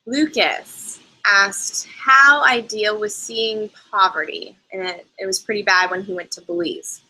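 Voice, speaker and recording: A woman's voice: medium pitch, measured pace, pushed and bright, low-quality recording. A young woman hosting a live travel chat, answering viewers' questions in a chatty, rambling way with frequent asides. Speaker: travel show host.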